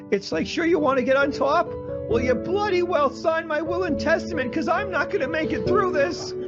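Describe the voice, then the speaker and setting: A shrill, gravelly older male lecturer, as a man performs him rants in emotional, mock-serious tones. The voice sits high and frayed with fry. It comes from a dull, lo-fi comedy clip with music playing. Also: heavily acted. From Canada. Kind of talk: stand-up impression sketch.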